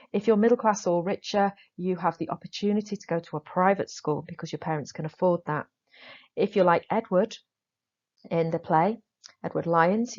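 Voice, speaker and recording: Woman teacher explaining stuff to the class, deep-ish voice, punchy emphasis, kinda muffled recording. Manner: explanatory, lively emphasis on key points. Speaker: drama teacher.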